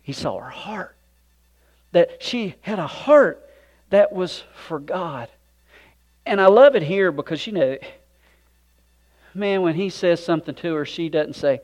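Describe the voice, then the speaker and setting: A man preaching a sermon with folksy conversational asides, swinging from loud emphatic points to hushed, near-whispered moments. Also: high voice, animated, a little slow, pauses often. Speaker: pastor.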